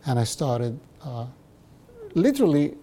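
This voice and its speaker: Man in his sixties, native Spanish speaker with a Cuban accent, very dark and mellow tone, wry and reflective. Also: mid-range voice, big pitch swings, a little slow. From Cuba. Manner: wry, repeats phrases for emphasis. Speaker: poet being interviewed. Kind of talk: reflective storytelling interview.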